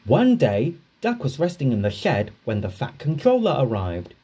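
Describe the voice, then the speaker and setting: A man narrating a children's storybook, reading aloud slowly and expressively. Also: medium pitch, slightly rough. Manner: slow, expressive read-aloud.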